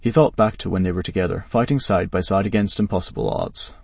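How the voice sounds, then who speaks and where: A man narrating a dramatic story in a steady, even reading voice. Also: sits low, quick pace, vocal fry, husky, no echo, recorded from a distance.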